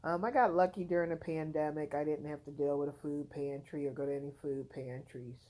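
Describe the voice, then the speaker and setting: A woman's voice: deep voice, steady tone, fairly quick, dark tone, rough recording. A tired woman from the United States, telling her own story in a rambling, frank, conversational vlog at home. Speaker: content creator.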